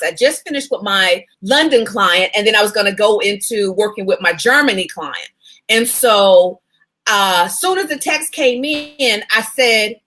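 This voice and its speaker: A woman's voice: on the high side, bright, forceful tone. A woman media coach chatting casually to her viewers, greeting them by name as she tells a story. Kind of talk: casual live video chat. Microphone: phone.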